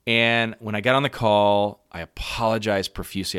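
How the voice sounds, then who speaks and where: A middle-aged man with a fairly low voice gives earnest, conversational encouragement to caregivers, often tossing in "right?" as he talks. He sounds close and dry, with no room around him. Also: moderate pace, few pauses, a bit bright, clean tone, no room sound. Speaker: parent coach and podcast host. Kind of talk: encouraging podcast talk to caregivers.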